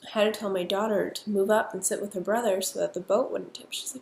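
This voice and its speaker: Mother telling a personal story, gravelly. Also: mid-range voice, fairly even intonation, a little mellow. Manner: halting, reflective storytelling with many restarts. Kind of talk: personal narrative. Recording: echoey room with faint ambient noise.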